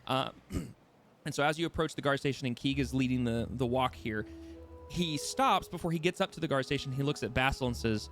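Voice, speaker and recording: A man narrating a tabletop game as game master, describing scenes haltingly with many pauses and restarts, over faint music. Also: mid-range voice, a bit bright.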